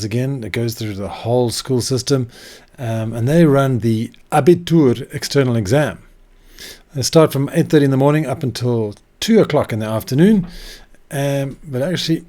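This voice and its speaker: A man's voice: mid-range voice, darkish tone. A man hosting a casual explainer vlog, talking in a chatty, conversational way with asides to his viewers, recorded indoors. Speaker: vlog host. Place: indoor room.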